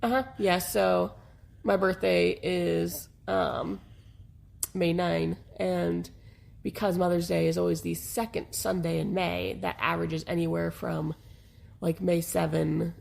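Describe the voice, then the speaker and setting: A woman co-hosting a podcast in casual chat, hoarse and congested, talking frankly and laughing often. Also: fairly low pitch, little pitch movement, unhurried, a little mellow. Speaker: podcast co-host.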